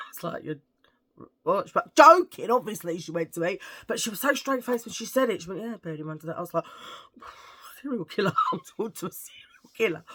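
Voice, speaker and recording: A woman's voice: lowish voice, slightly rough. A woman chatting casually to her viewers, rambling through anecdotes with frequent laughs and acted-out quotes. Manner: rambling, animated, laughs a lot, acts out quotes. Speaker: vlogger.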